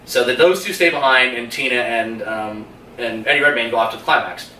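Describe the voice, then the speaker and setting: A man retells a movie's plot with a bright, forceful voice, swearing freely and laughing between scenes. He sits some way from the mic in a roomy, echoing space, with a faint hum behind him. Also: medium pitch, a little fast, far from the mic. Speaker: podcast co-host. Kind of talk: casual movie review chat.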